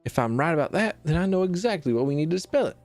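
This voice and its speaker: A man's voice: on the high side, expressive, racing, a little mellow, soft background music, pitched above the performer's own voice. Man putting on an eager young witch girl. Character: earnest young female witch, determined. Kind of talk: reading game dialogue aloud.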